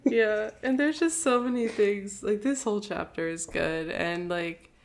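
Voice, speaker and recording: A woman co-hosting a podcast, casually retelling a book's plot with quick giggles and lots of "like". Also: medium pitch, a little hiss or hum. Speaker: podcast co-host. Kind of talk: casual book discussion.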